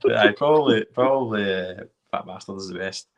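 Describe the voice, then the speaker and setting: A man's voice: on the low side, a little fast. A man hosting a casual live chat, talking enthusiastically and rambling a little. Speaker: host. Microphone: video call.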